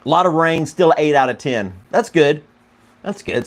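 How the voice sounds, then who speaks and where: A man's voice: fairly high pitch, very animated, moderate pace. A man hosting a casual live-stream podcast from home, rambling easily and chuckling as he talks. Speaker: podcast host.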